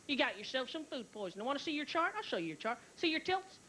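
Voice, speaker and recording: A woman's voice: high-pitched, big pitch swings, fast talker, sharp tone, slight background noise, exaggerated voice. A woman voicing a pushy male hospital doctor who bosses and coaxes the patient, calling her baby. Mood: coaxing.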